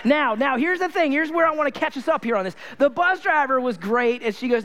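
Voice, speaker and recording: Animated high-voiced pastor. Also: male voice, fairly quick, a little hiss or hum. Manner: animated storytelling, repeats phrases for emphasis. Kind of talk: sermon.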